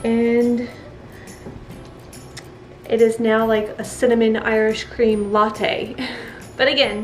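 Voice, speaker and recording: A woman's voice: on the high side, roomy sound, a little hiss or hum, rough recording. A woman chatting casually while making soap, laughing often as she talks. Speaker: soap maker. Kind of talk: casual crafting narration.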